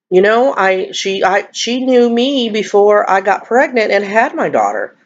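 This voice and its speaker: A woman's voice: mid-range voice, big pitch swings, a little slow, hardly any pauses, muffled recording. A woman, chatting casually and emotionally in a rambling, confiding vlog while eating. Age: 50s. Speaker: vlogger.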